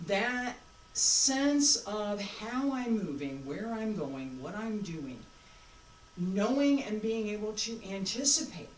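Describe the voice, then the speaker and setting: A woman's voice: lowish voice, slight background noise. A woman teaching a martial arts class as she demonstrates, thinking aloud with rhetorical questions. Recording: roomy sound from a distant mic.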